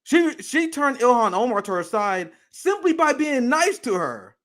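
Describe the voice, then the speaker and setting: A man's voice: very high-pitched, very animated, a little slow, fairly bright tone. A man co-hosting a political talk show, speaking bluntly and profanely, often laughing and stammering through restarts. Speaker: political podcast co-host.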